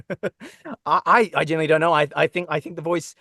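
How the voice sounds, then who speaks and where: A man with an Australian accent, chatting as a guest in an interview, talking in quick restarts and laughing easily. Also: a little high, level tone, sharp tone, no room sound, clean studio sound. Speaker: guest voice actor. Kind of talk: casual interview chat. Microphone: own microphone.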